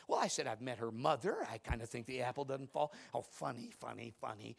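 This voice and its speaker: A middle-aged man preaching a sermon, telling stories with loud outbursts and hushed asides. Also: fairly high pitch, lively intonation, normal speed, creaky. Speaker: pastor.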